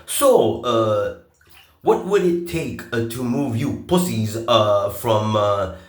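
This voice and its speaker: A man talking in a long, rambling monologue. He swears a lot, turns sarcastic, and stops often on filler pauses. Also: mid-range voice, lively intonation, roomy sound. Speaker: vlogger.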